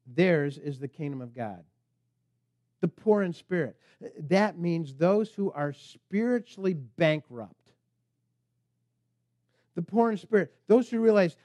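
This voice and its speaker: A man's voice: on the high side, expressive, slow, darkish tone, no room sound, clean studio sound. A man preaching a sermon as pastor, emphatic and preacherly, at times speaking the tempter's lines.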